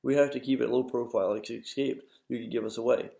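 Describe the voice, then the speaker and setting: A man's voice: medium pitch, fairly even intonation, quick pace, vocal fry, mellow, roomy sound, natural voice. A man voicing a curt, impatient young woman in a storybook read-aloud. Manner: curt, dismissive.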